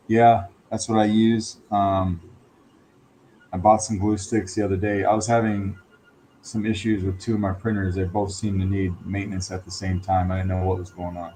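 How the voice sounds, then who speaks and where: A man with a somewhat low voice chats easily on a livestream, teasing his co-host and reading viewer comments aloud. Faint background noise sits under his voice. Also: level tone, moderate pace, dark tone. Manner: easygoing, teasing, laughs often.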